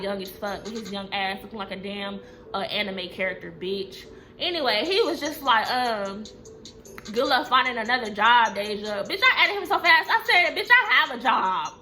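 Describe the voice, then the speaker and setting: A young woman telling a casual storytime, profane, emphatic and animated. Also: a little high, normal speed, soft background music.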